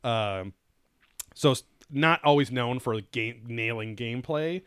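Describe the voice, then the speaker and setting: A man's voice: medium pitch, measured pace, fairly bright tone, smooth. A man co-hosting a casual podcast chat, rambling and profane with lots of filler words. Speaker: podcast co-host.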